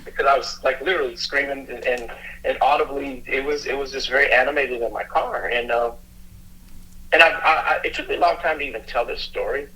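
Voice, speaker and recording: A middle-aged man, a police officer, telling a personal story in a halting, earnest way, often restarting his sentences. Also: medium pitch, bright, forceful tone, rough recording. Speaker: police officer and youth mentor, guest.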